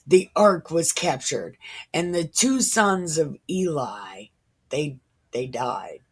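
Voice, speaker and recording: Taking it slowly, a woman in her thirties reads the Bible and reflects on it with casual irreverence, sometimes whispering. Her low voice is expressive, darkish in tone, with a breathy edge.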